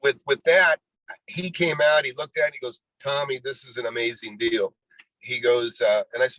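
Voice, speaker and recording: His voice is mid-range, steady, and a bit bright, and he talks a little fast; the audio is poor with no room sound. The speaker is a real estate investor guest in his sixties recounting his life in a rambling storytelling interview, frequently saying "you know" and dramatizing quoted dialogue.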